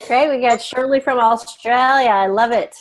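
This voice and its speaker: A woman's voice: a little high, normal speed. A woman on a video call giving attendees friendly instructions in casual chat. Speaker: webinar co-organizer.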